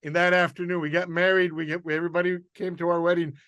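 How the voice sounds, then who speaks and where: An older male comedian telling a rambling, animated anecdote on a podcast. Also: high voice, fast talker, smooth, no echo. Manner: rambling, animated storytelling with restarts and acted quotes. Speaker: guest comedian.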